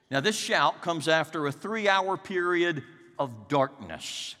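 A man preaching a sermon, swinging dramatically between loud peaks and hushed, quiet lows. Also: lively intonation, a little slow. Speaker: pastor. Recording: long hall reverb.

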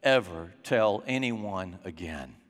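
A man voicing a cold, stern father who scorns his son, low and quiet, with long reverb from a large hall. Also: expressive, takes it slowly. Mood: cold, scornful.

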